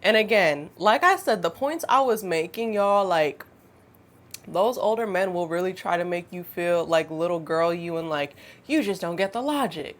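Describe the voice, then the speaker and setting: A woman, telling a storytime vlog in a chatty, animated way with laughing asides. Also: on the low side, moderate pace. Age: 20s. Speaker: storytime vlogger. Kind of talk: casual storytime monologue.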